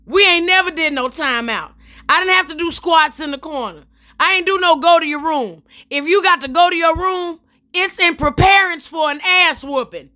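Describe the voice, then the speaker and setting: A young adult woman telling a story in a vlog, in an animated, profane and sassy way, talking straight to her viewers. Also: high-pitched. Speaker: comedian telling a story while styling her hair.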